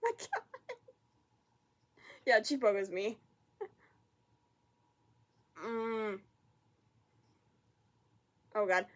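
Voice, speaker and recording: A woman hosting a casual reaction vlog, excitable and giggly, often repeating herself in quick bursts. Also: medium pitch. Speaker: reaction video host.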